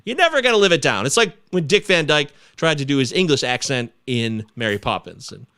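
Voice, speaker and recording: A man's voice: medium pitch, expressive, a little fast, pushed and bright, smooth, no room sound, clean studio sound. A man co-hosting a casual sports podcast, jokey and self-deprecating as he talks. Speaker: podcast co-host. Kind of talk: casual chat.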